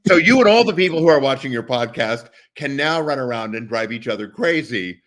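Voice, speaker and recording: A middle-aged man, a voice actor guest, chatting casually and animatedly in an interview, sometimes dropping into growls to demonstrate. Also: fairly quick. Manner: animated storyteller, drops into deep growls to demonstrate.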